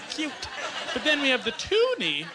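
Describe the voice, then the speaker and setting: A man from Canada doing a stand-up comedy set, talking fast and bursting into squeaky bits. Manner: excitable, jumps into high squeaky bits. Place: comedy club stage before a laughing crowd. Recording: loud audience laughter and stage noise.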